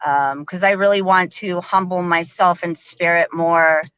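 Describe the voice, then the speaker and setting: Chatty woman, bright. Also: lowish voice, measured pace, clear, resonant tone, dry recording, rough recording. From American South. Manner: chatty, laughs often, lots of fillers. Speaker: live stream host. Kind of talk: casual chat.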